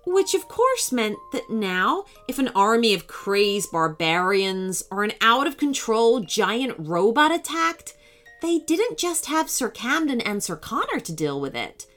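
A woman narrating a scripted children's story in an expressive, animated storytelling manner. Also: on the high side, a little slow, faint music behind.

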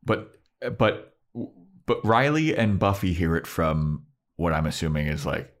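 Male podcast co-host, low and lively, casual recap, playful character bits. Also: measured pace. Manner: animated storytelling, acts out characters' lines in funny voices. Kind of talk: casual chat recapping an episode.

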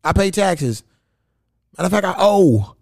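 A man's voice: sits high, very animated, measured pace, vocal fry, darkish tone, no echo, studio quality. Blunt, profane man hosting a podcast. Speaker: podcast host. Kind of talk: casual chat.

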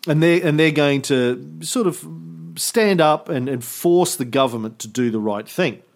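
A man's voice: fairly high pitch, animated, a little slow. A man co-hosting a history podcast, talking casually with sarcastic jokes and many fillers. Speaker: podcast co-host.

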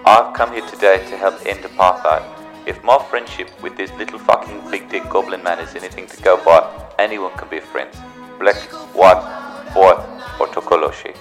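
A man's voice: low-pitched, steady tone, moderate pace, a bit bright, faint music behind. A man doing a brash South African speechmaker. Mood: grandiose. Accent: put-on South African. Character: brash young man giving a grand speech.

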